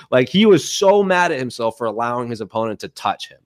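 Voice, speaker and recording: A man co-hosting a casual podcast, chatty and quick to laugh. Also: medium pitch, big pitch swings, dry recording, clean studio sound. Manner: chatty, laughs easily, some restarts. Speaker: podcast co-host. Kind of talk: casual podcast chat about MMA.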